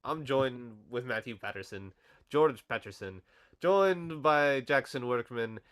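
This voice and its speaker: A man's voice: mid-range voice, expressive, a little slow, fairly bright tone. A man hosting a podcast in casual chat, joking loosely and swearing freely. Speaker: podcast host.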